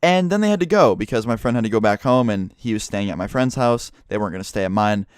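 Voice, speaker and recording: Young male YouTuber, casual storytime delivery, heavy swearing, mid-pitched voice, dry close sound. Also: fast talker, smooth, dry recording. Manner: profane, animated storytelling with acted quotes.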